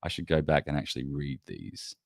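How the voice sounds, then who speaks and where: Aussie bloke on a livestream, real low voice, rambly and sweary, dry close sound. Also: male voice, very animated, brisk, vocal fry, no room sound. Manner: rambling, loose and profane, chatting to viewers. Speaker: livestream host. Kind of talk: casual livestream chat.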